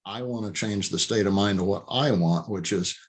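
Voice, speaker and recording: A man's voice: on the low side, moderate pace. Emphatic man coaching on a video call. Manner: emphatic, acts out what the owner should say. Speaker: dog trainer.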